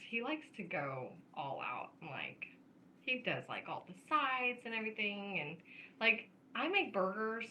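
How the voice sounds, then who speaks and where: A woman's voice: mid-range voice, bright, forceful tone, a little hiss or hum, rough recording. A woman co-hosting a podcast, chatting casually and laughing often as she tells family stories. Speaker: podcast co-host. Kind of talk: casual chat.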